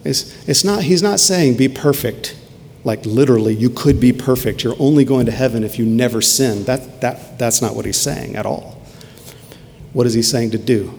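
An earnest male pastor delivers a sermon, his voice swinging between hushed, intimate passages and sharply emphatic peaks. He is in a hall with a long reverb trailing his words. A faint room ambience sits underneath. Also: mid-range voice, normal speed, vocal fry, a little hiss or hum.

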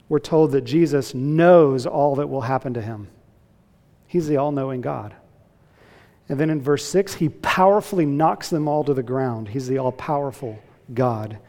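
A man's voice: medium pitch, a little mellow. A man preaching an emphatic expository sermon as pastor, voice rising for emphasis. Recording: hall with long reverb.

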